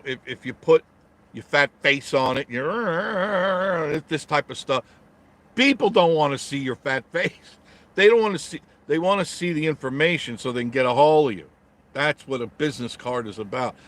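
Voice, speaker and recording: A man's voice: fairly high pitch, fairly bright tone. A middle-aged man from New York, chatting live from inside his car in traffic, answering viewer comments in a blunt, joking way. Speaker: travel vlogger reading live chat. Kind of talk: casual live-stream chat from a parked car.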